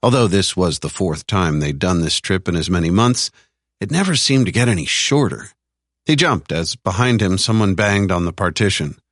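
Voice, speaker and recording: Very deep-voiced male audiobook narrator. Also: animated, normal speed, a bit bright, dry recording, studio quality. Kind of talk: scripted narration.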